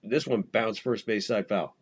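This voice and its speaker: Profane, low-voiced baseball podcast host. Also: male voice, unhurried, husky. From United States. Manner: profane, rambling, jokey. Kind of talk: casual live game commentary.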